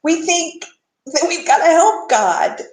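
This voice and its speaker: High-voiced chatty woman host. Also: sing-song, slow, echoey room, faint music behind, low-quality recording. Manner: chatty, self-mocking, many restarts. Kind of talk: casual faith chat on a webcast.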